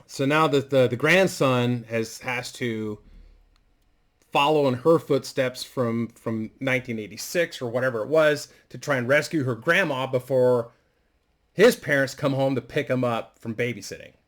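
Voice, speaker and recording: A man's voice: medium pitch, moderate pace, a bit bright. A man casually and crudely rambling through a story idea, full of fillers and restarts. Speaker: vlogger.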